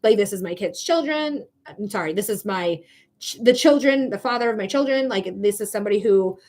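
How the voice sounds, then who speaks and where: A woman's voice: medium pitch, lively intonation, brisk, a little mellow. A woman hosting a live-streamed psychic tarot reading. She talks casually and emphatically, swearing freely. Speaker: psychic reader.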